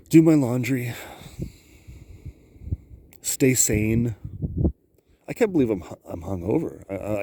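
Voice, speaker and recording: A man rambling to his camera outdoors on a cold high lookout, laughing often and talking to himself. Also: dark tone, husky, no room sound. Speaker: vlogger. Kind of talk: casual rambling vlog.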